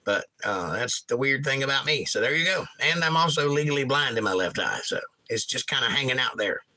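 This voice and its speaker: A middle-aged man hosts a relaxed livestream, reading out viewer comments and riffing on them with dry jokes. His voice is very bright and forward, sitting at an ordinary pitch for a man. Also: brisk. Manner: jokey, reads viewer comments aloud and riffs on them. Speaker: livestream host reading chat. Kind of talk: casual livestream chat.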